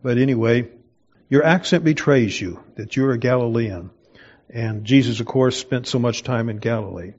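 A man's voice: medium pitch, moderate pace, darkish tone, dull audio. An older man preaching a conversational Bible sermon, digressing with personal stories and chuckles. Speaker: pastor. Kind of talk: expository sermon.

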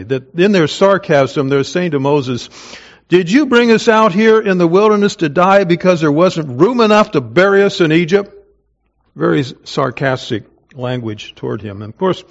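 A man teaching a Bible passage verse by verse, reading scripture aloud and then explaining it in a conversational way. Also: mid-range voice. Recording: slightly dull, lo-fi recording.

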